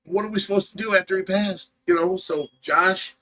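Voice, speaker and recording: A man's voice: high voice, moderate pace, sharp tone. A middle-aged man hosting a livestream, telling stories in a casual chat and laughing through them. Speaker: livestream host.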